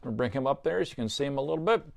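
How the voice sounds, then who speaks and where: Animated man hosting a kids' craft show. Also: medium pitch, very fast, vocal fry. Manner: upbeat, chatty, explains step by step. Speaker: puppeteer and craft show host. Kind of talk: children's craft tutorial.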